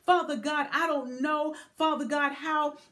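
High-voiced woman preaching a sermon. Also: fairly even intonation, bright, forceful tone. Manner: measured, repetitive preaching with spoken prayers.

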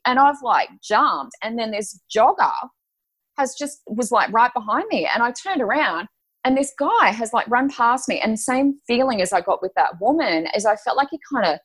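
A woman, a podcast guest telling personal stories in a lively, emotional way. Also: mid-range voice, normal speed, husky. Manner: animated, emotional storytelling. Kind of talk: casual storytelling chat.

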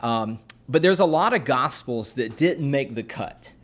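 Man explaining in a relaxed, halting way. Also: medium pitch. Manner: unhurried, with many fillers and restarts. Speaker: podcast co-host explaining scripture. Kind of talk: casual explanatory chat.

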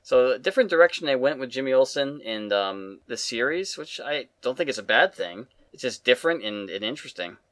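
Bright-voiced man giving laid-back opinions. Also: medium pitch, a little fast, few pauses, no echo. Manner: chimes in with opinions, relaxed, uses fillers like you know. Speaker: podcast co-host. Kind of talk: casual commentary.

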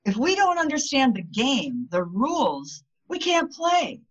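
A woman's voice: high-pitched, unhurried. A woman guest on a podcast, talking casually about spirituality and telling stories, and she acts out the voices of the people in them. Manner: animated storyteller, acts out quoted voices. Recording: dull lo-fi sound.

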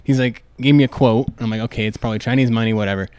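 A young man from Canada tells his travel stories at a rapid clip, leaning on "like" as he goes. His voice sits at an ordinary pitch, and the close mic keeps it dry. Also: clean tone, no echo. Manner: animated storyteller, many "like" fillers, quick laughs. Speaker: podcast guest, fashion designer. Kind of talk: casual podcast chat, storytelling.

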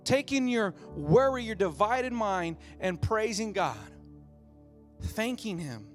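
A man's voice: high-pitched, animated, slow pace, soft background music. A man, a pastor with a young child, preaching a sermon with a passionate, repetitive cadence that builds phrase by phrase.

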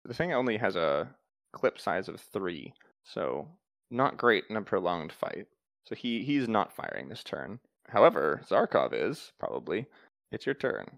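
Gravelly, low-voiced male game master. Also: no echo. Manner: calm, matter-of-fact explaining of rules. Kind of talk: narrating a tabletop game.

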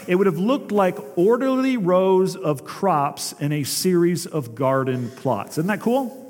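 A man preaching from the pulpit, his voice sitting a little high for a man. He keeps throwing rhetorical questions at the congregation. The sound rings with the long reverb of a church sanctuary. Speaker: pastor. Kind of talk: sermon.

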